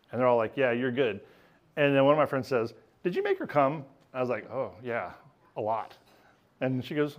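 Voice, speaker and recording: A man's voice: medium pitch, very animated, a little fast. A man telling a candid, self-mocking personal story on stage at a live storytelling event, laughing as he goes.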